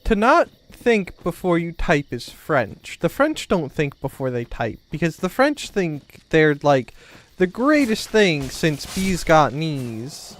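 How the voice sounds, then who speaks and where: A man's voice: on the high side, big pitch swings, takes it slowly. A man streaming a game, chatting casually with his viewers in a joking, rambling, teasing way. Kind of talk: casual gameplay commentary.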